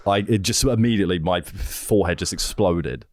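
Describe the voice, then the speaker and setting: A young man co-hosting a comedy podcast, telling animated stories with frequent laughter and sudden high-pitched impressions. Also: brisk, no room sound, clean studio sound. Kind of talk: casual comedic chat.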